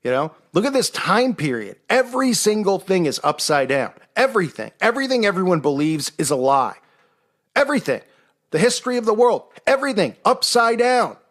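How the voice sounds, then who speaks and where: A man's voice: sits high, sing-song, brisk, a bit bright. A man hosting a casual monologue show, talking in a sarcastic, mocking way. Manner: sarcastic, mocking impressions of others. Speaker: host.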